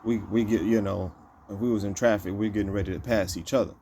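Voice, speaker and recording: A man's voice: fairly low pitch, steady tone, fast talker, dark tone, a little hiss or hum. A man recounting a personal event in casual, repetitive storytelling, often circling back with "you know" and "like I say.".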